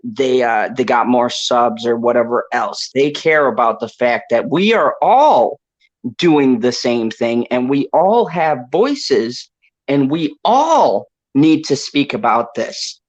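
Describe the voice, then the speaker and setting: A man's voice: mid-range voice, animated, slow. A man hosting a casual panel podcast, impassioned, laughing often and swearing freely. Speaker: podcast host. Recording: dull lo-fi call audio.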